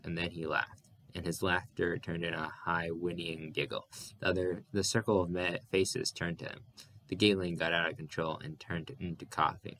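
A man's voice: deep voice, a bit bright. A man reading a novel aloud in a plain manner, stumbling and correcting himself now and then. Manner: plain reading with occasional slips and self-corrections. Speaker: audiobook reader.

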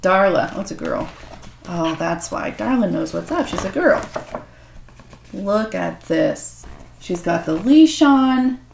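A woman's voice: mid-range voice, animated, takes it slowly, vocal fry, a little mellow, slight background noise. A woman host swearing and joking crudely in a casual unboxing vlog. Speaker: author and video host. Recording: echoey room.

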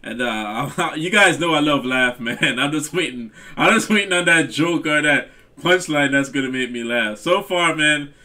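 A man hosts a reaction video and talks casually to his viewers, often repeating himself. His voice is bright and a touch high. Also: animated, normal speed.

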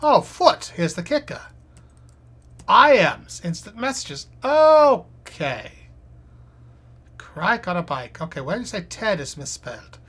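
A woman's voice: fairly low pitch, big pitch swings, moderate pace, fairly bright tone, breathy edge. A woman live streaming, reading crossword clues aloud and muttering her guesses as she thinks.

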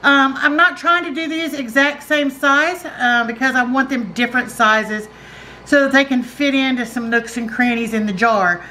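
Middle-aged Southern woman, cooking host, high and homey, easy chatty delivery, faint background hiss. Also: normal speed, pushed and bright, poor audio. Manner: folksy, chatty, says y'all. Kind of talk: casual cooking demonstration. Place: home kitchen.

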